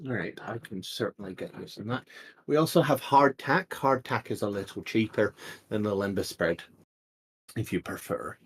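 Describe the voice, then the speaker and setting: A man's voice: lowish voice, normal speed, natural voice. A man voicing a short, polite male dwarf baker who runs a stall, with a hesitant, stammering shopkeeper's manner. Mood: friendly salesy.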